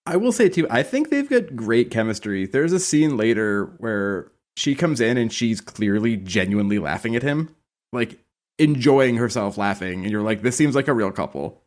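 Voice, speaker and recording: A man trades wry jokes on a casual podcast. He speaks at an ordinary middle pitch in a relaxed, conversational way. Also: moderate pace. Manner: wry and joking. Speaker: podcast co-host.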